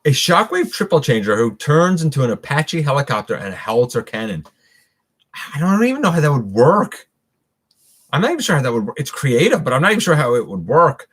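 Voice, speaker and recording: A man's voice: mid-range voice, very animated, brisk, a bit bright, husky. A middle-aged man hosts a live stream in an easy, conversational way. He greets viewers and reads their comments aloud as he goes. He rambles, with plenty of fillers and false starts. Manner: rambling, many fillers and restarts.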